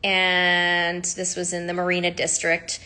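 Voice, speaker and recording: A woman sharing her personal story in a candid, animated way, full of fillers and asides. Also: fairly low pitch, measured pace, clear, resonant tone. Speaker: sound healer telling her story.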